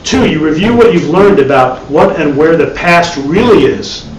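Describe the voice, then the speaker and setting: This is a live dharma class talk by a male meditation teacher whose slightly high voice has lively intonation at normal speed. He talks conversationally, repeating words and adding wry asides, captured from a distance in an echoey room with a faint hiss.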